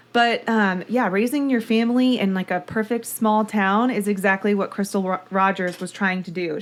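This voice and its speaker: A woman hosting a podcast, chatting casually and then narrating a true-crime case in a gushing, talkative way. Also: medium pitch. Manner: chatty, gushing, reads listener mail aloud. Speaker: podcast host.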